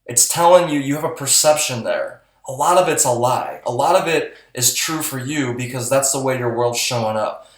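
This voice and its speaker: Podcast co-host, a man, pep-talk style, blunt, mid pitch, roomy sound. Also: moderate pace, few pauses. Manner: motivational, blunt, swears casually. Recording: roomy echo.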